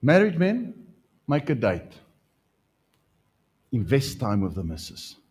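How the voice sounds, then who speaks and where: A middle-aged man preaching a lively sermon as pastor, his voice leaping higher when he gets excited. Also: slow, slightly rough. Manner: animated preaching, pitch jumping up when excited.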